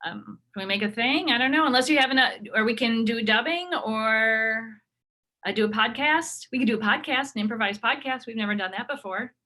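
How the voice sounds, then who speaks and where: A woman improv performer in casual chat, talking in quick, self-interrupting bursts. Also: on the high side, bright, forceful tone. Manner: chatty, laughing, self-interrupting.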